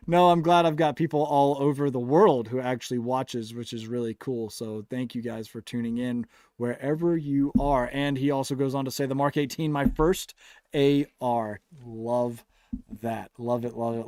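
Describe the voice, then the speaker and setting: A man's voice: medium pitch, no echo, clean studio sound. A man hosting a casual livestream, chatting, joking and reading out viewer comments. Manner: relaxed, joking, sarcastic asides. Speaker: livestream host.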